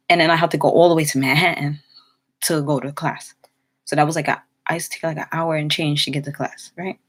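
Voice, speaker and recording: A young woman casually telling a personal story, rambling with many fillers and restarts. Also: low-pitched. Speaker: vlogger.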